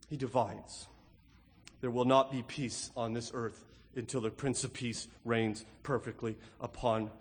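Emphatic pastor, man, echoing hall. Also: fairly high pitch. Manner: emphatic, rhetorical, with repeated "right?". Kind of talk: sermon. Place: church sanctuary. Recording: long hall reverb.

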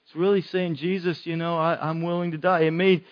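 A man's voice: a little high, flat delivery, a little fast, lo-fi sound. A man preaching a sermon in an earnest way, repeating phrases for emphasis.

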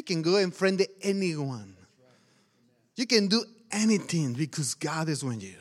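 Mexican Spanish-accented male pastor with a high voice, preaching with energy in broken English. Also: big pitch swings, moderate pace. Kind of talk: sermon.

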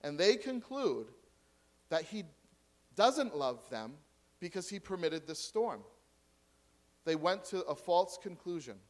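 A man preaching a sermon to a congregation, swinging between loud emphatic points and quiet asides and questions. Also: high-pitched, animated, takes it slowly, pauses often. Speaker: pastor.

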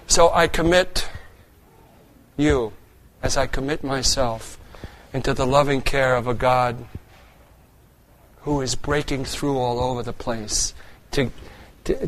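A man preaching a sermon as a pastor, earnest, moving between raised passages and quiet, hushed ones. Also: mid-range voice, slight background noise.

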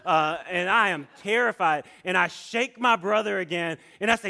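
A man telling a personal story in a sermon, animated, with many restarts and asides. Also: high voice, moderate pace, vocal fry, few pauses.

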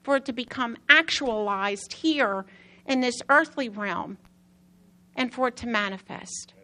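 A woman with a fairly high voice preaches a sermon built on personal testimony. She tells her story in an animated way, her voice climbing higher as excitement builds, and she repeats key phrases for emphasis. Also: measured pace.

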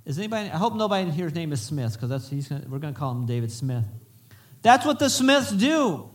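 A man preaching to his congregation in a slightly high voice. He talks in a loose, conversational way, restarts his sentences and swings between lively emphasis and quieter moments. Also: rapid-fire. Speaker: pastor. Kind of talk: sermon. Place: church sanctuary.

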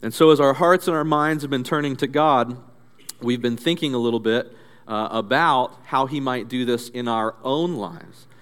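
A man's voice: medium pitch, moderate pace, fairly bright tone, smooth. A male pastor preaching a sermon in a conversational, storytelling way. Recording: echoey hall reverb.

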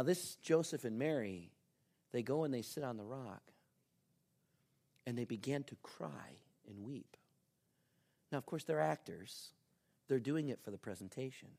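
A man preaching a sermon as pastor, telling a story with lively ups and downs and soft, earnest appeals. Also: medium pitch, moderate pace, vocal fry, long pauses.

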